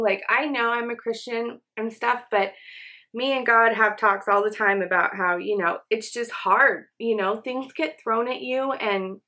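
A woman's voice: a little high, sharp tone. A young woman chatting casually while doing her makeup, rambling with lots of fillers like "um" and "you know.". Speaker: beauty vlogger. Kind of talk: casual get-ready-with-me chat. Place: home, indoors.

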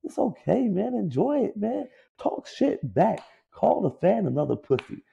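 The voice sits high and sounds creaky and husky, moving at a moderate pace in a muffled recording. It belongs to a man who played pro ball and co-hosts a sports podcast, swearing a lot as he casually shares sports opinions. Profane and animated, he mocks players by whining in put-on voices.

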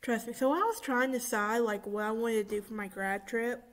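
A young woman in her twenties talking casually and excitedly to her viewers, with many fillers, recording in a church room. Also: on the high side, brisk. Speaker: vlogger. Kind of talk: casual vlog chat.

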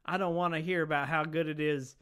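A man plays a shifty, self-serving billionaire who blusters and bargains. His voice is bright and sits a little high, in an online improv show. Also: fairly even intonation, brisk, clear, resonant tone, close to an everyday voice. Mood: bitter. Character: boastful, shifty billionaire businessman. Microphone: computer mic on a video call.

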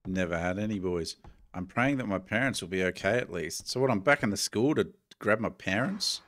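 Middle-aged man, Australian accent, horror game let's play, jumpy, chatty, somewhat low voice. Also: expressive, fairly quick, a bit bright, a little hiss or hum. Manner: jumpy, chatty, swears mildly, talks to viewers as "boys". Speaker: gaming YouTuber.

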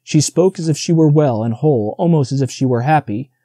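Male audiobook narrator, very dark mellow tone, dry close sound, measured storybook reading. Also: fairly high pitch, no echo.

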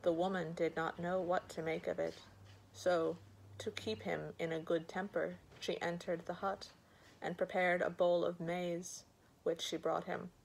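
A woman reading a fairy tale aloud as a bedtime story, gentle and unhurried. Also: fairly low pitch, level tone, creaky, a little hiss or hum, poor audio.

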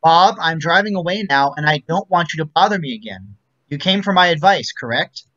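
A man's voice: fairly high pitch, lively intonation, brisk, a bit bright, dull audio. A man reading a stiff, exasperated male psychiatrist who speaks in a firm, clipped, controlled way, over a video call. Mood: stern.

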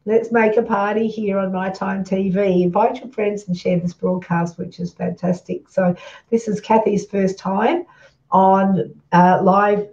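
A woman hosting a casual live-stream interview, chatty and croaky, trying not to cough, greeting viewers as she goes. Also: medium pitch, steady tone, unhurried, a little mellow. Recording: muffled, distant live-stream audio.

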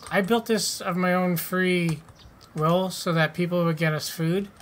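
A man's voice: sits high, fairly even intonation, a little slow, fairly bright tone. A man hosting a casual let's-play, joking, swearing and reading game text aloud. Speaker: gaming channel host.

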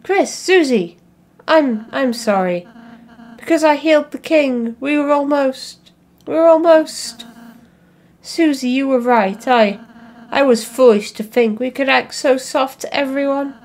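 A woman's voice: sits high, unhurried. A woman doing a shy, stammering goat prince. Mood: apologetic. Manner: soft, hesitant, stammering apologies. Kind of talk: fan voice-over of a game.

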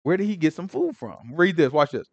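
A man teaching a Bible study in a casual, animated way, acting out the people in the story in everyday slang. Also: fairly high pitch, a little fast, gravelly, breathy edge, dry recording, dull audio. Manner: animated storytelling, acts out characters in street slang.

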